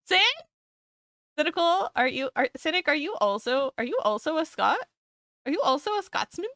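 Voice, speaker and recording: A woman's voice: sits high, very animated, normal speed, fairly bright tone, dry recording, studio quality. A young woman streamer chatting casually with her live audience, giggling often and swearing freely.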